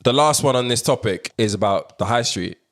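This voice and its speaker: A young man, co-hosting a casual podcast, setting up topics clearly between quick banter. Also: medium pitch, lively intonation, a bit bright. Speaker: podcast co-host. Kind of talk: casual chat, topic host.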